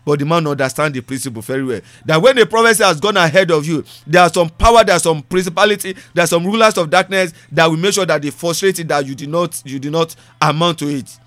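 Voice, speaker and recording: A man preaches a sermon in a high, bright voice, hammering points home by repeating phrases. His English bends grammar loosely. The sound is dry and close. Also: fast talker, hardly any pauses, no echo. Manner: preaching with repetition and rising emphasis.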